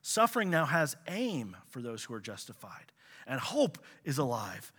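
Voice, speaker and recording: A man preaching a sermon, animated, swinging between loud exclamations and quiet asides. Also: mid-range voice, moderate pace, slightly rough. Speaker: pastor.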